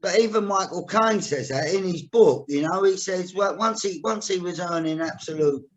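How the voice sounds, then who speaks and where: Chatty podcast host, fairly high voice. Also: male voice, normal speed. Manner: chatty storyteller, swears casually. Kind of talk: casual podcast chat.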